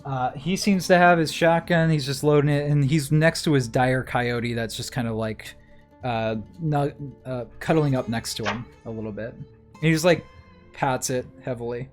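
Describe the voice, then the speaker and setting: A man's voice: medium pitch, moderate pace, faint music behind. A man narrating a tabletop game as game master, casual and hesitant with many fillers.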